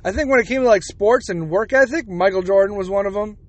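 Profane high-voiced ranting man. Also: fast, no room sound. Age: 40s. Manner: profane, blunt, heated. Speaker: podcast host. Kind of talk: opinionated podcast rant.

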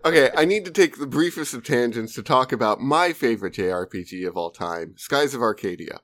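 A man's voice: mid-range voice, expressive, a little fast, fairly bright tone. A young man co-hosting a casual podcast, telling his points wryly and acting out little quotes. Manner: wry, storytelling with acted-out quotes. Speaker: podcast co-host. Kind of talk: casual chat.

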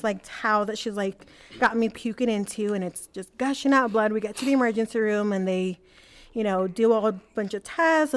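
A young adult woman telling a personal story as a podcast guest, casual and full of fillers like "like" and "you know.". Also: medium pitch.

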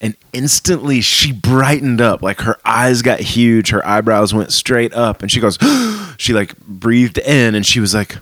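A man hosting a casual podcast, telling stories with animated swings up into a high voice for emphasis. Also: a little slow, few pauses, no echo. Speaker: podcast host.

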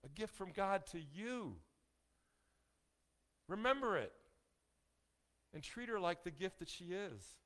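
Male pastor, slightly high voice, folksy sermon delivery with jokes to the pews, leans on key lines. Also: very animated, pushed and bright. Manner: folksy, joking asides to the congregation; emphatic, slows down on key phrases.

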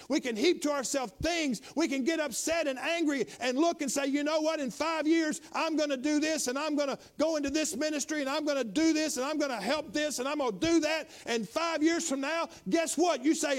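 A middle-aged man preaching a sermon as a pastor, dropping to quiet tones and then rising to loud exhortation. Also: extremely high pitch, normal speed, hardly any pauses.

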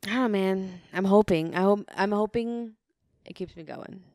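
A woman's voice: mid-range voice, moderate pace, a little mellow, no echo, clean studio sound. A young woman co-hosting a podcast in casual chat, laid-back and swearing freely. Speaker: podcast co-host.

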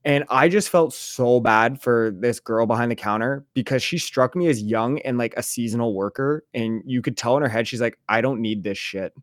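Swearing, animated man telling stories. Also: medium pitch, normal speed, hardly any pauses, no echo, studio quality. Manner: animated storyteller, swears freely, acts out voices. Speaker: podcast co-host. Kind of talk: casual chat.

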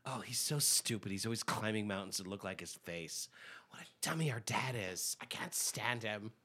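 A man's voice: lowish voice, lively intonation, moderate pace, pushed and bright, husky, pitched below the performer's own voice, exaggerated voice. A man voicing a snotty teenage daughter who sneers at her dad. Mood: sneering. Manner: sneering, whiny.

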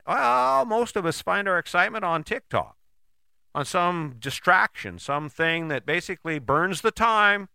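A man's voice: fairly high pitch, big pitch swings, moderate pace, bright, forceful tone, clear, resonant tone, no echo. A man giving a casual motivational talk, folksy and chatty, who often adds "right?" and acts out quoted people in short bits. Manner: often tags sentences with "right?".

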